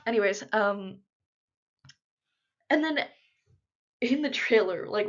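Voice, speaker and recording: A woman's voice: mid-range voice, moderate pace, long pauses. Chatty young woman gushing in a vlog. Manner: chatty, filler-heavy, gushing fan talk. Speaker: vlogger. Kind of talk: casual unedited chat. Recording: slightly dull lo-fi audio.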